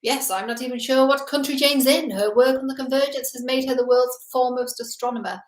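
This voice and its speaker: A woman's voice: high voice, fairly even intonation, brisk, lightly acted. A woman voicing a proud, boastful male Norse god warrior, quoted politely and heartily in an echoey room.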